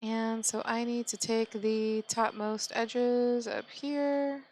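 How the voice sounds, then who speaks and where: Woman, software tutorial, gravelly, unhurried, calm step-by-step instructions. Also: fairly high pitch, poor audio. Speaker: 3D modeling tutor. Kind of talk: screen-recorded software tutorial narration.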